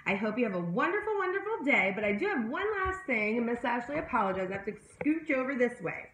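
A woman leading a children's circle time, drawing each word out slowly in a lively, sing-song voice that rises and falls a lot. Her voice sits a touch high, and it rings around a roomy, echoey home room as she talks to a webcam. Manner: slow, sing-song and encouraging, addressing young children. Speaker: preschool teacher.

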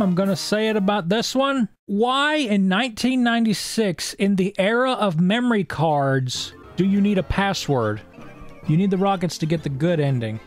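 Sarcastic and profane, a young man streams a let's-play with running commentary. His voice sits fairly high, bouncing between deadpan lows and excited peaks.

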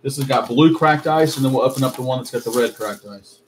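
Male card break host, mid-pitched, relaxed running commentary, faint hiss behind. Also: fast. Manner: rattles off player names, chatty asides, mild swearing. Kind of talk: casual live commentary while opening card packs.

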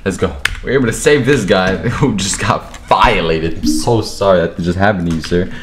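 A young man giving rowdy, profane commentary over his own gameplay, excitable and quick to burst into shouting. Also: low-pitched, slight background noise. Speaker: gaming video creator. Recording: echoey room with keyboard clatter. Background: keyboard clicks and typing.

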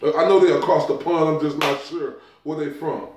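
A man hosting a boxing talk show, delivering a heated, profane, mocking rant with drawn-out emphasis. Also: on the high side, steady tone, darkish tone, far from the mic. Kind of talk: ranting commentary. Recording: very echoey room, off-mic.

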